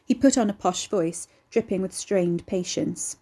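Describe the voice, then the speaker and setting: A woman narrating a dark story in a steady, measured audiobook reading. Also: fairly low pitch, breathy edge.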